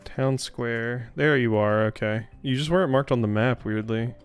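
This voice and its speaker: A man's voice: medium pitch, normal speed, clear, resonant tone, faint music behind. A man streaming a game live, chatting casually, reading lines of game dialogue aloud and swearing freely. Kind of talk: live gameplay commentary.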